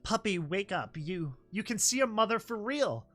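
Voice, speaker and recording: A narrator voicing a brash young female griffin with a high-pitched bird voice, blunt and scolding. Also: big pitch swings, moderate pace, a bit bright, soft background music. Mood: urging.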